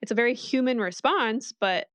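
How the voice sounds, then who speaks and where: A woman's voice: on the high side, moderate pace, a bit bright, smooth, no room sound. A woman co-hosting a podcast, chatting casually and thinking aloud in a reflective way. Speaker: podcast co-host. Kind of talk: casual book discussion.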